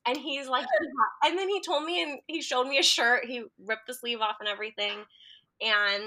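Giggly bright-voiced young woman. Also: high voice, moderate pace. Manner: giggly, animated storyteller. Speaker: guest. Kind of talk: casual chat.

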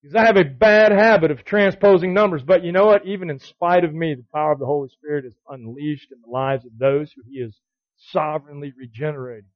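A man's voice: a little high, fairly quick, no room sound, dull audio. A man teaching a Bible study to other men, exhorting them with repeated commands and rhetorical questions. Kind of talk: sermon.

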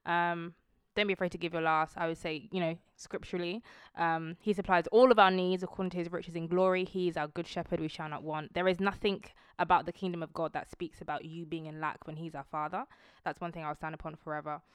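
Female podcast guest, lowish smooth voice, dry close sound, earnest and convinced. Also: flat delivery, a little fast, dry recording. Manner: earnest, quotes scripture with conviction. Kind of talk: casual faith podcast chat.

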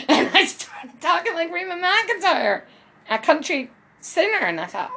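Husky woman chatting about doing voices. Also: sits high, very animated, unhurried, pushed and bright. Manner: rambling, repeats lines from the clip. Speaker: amateur voice impressionist. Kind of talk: casual talk over a played clip.

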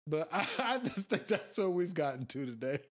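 A man's voice: fairly high pitch, very animated, normal speed. A man in casual, profane conversation, telling stories and laughing often. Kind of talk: casual chat.

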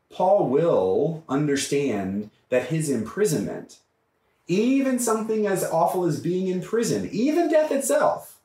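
Animated male priest in echoey room. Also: a little high. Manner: animated, emphatic, often checks in with "right?". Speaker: priest teaching a Bible study. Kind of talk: Bible study lecture. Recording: echoey room, mic far off.

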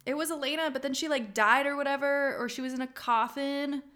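A woman's voice: high-pitched, steady tone, brisk, fairly bright tone. A young woman co-hosting a podcast in casual chat, emphatic and swearing for emphasis. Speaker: podcast co-host.

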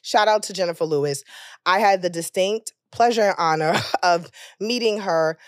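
A woman in her thirties co-hosting a podcast, telling candid stories in casual chat with frequent cursing and loud, high outbursts when she jokes. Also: moderate pace, dry recording, studio quality. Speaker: podcast co-host.

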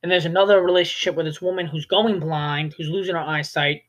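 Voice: mid-range voice, fairly even intonation, brisk, highs cut off. A young adult talking through film reviews in a casual, rambling way, full of "like" and restarts. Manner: rambling, full of "like" and self-corrections. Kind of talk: casual spoken movie review.

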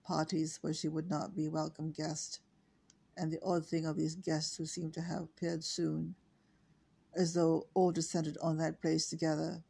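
A woman in her sixties from Ireland, reading her own story aloud in a slow, halting way with small self-corrections. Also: low-pitched, level tone, gravelly, dark tone, husky. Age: 60s.

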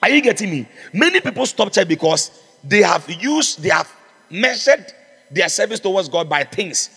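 A man's voice: sits high, very animated, normal speed, creaky, fairly bright tone, slightly rough, in a large hall. A man preaching a sermon as pastor, fervent and exhorting, calling out to his congregation. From Ghana.

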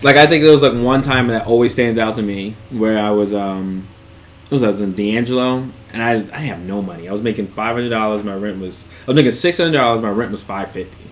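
A young man in casual chat, telling stories with bursts of loud laughter and profane banter. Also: on the low side, brisk, slight background noise.

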